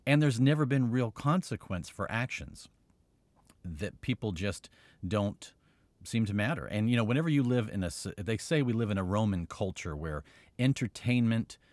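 A man's voice: on the low side, no room sound. A man hosting a motivational podcast, talking earnestly in a rambling monologue with frequent restarts. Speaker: podcast host.

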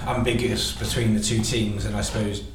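A man's voice: fairly low pitch, level tone, fairly quick. A man from Bristol, hosting a casual podcast interview in a chatty, rambling, joking way. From Bristol, England. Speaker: podcast host. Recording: very echoey, distant mic, noisy room.

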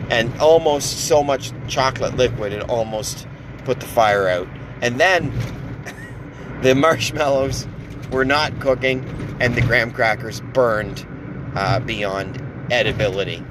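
A man of middle pitch tells a story in a loose, rambling way, full of fillers and chuckles. A steady hiss of noise runs behind his voice. He sounds like a podcast host chatting to his listeners. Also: measured pace. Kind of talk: casual storytelling monologue.

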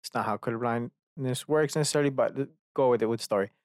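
A man's voice: mid-range voice, fast, dry recording, clean studio sound. A young man hosting a casual rant podcast, telling a rambling, profane story and acting out characters as he goes. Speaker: podcast host.

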